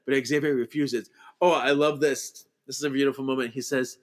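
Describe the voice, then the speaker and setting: A man in casual podcast chat, running through a film's plot. He slips into playful voices for the characters and laughs often. His voice sits at an everyday middle pitch. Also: flat delivery, brisk. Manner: playful, acts out characters' lines while recapping, laughs often. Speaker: podcast co-host. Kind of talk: casual movie recap chat.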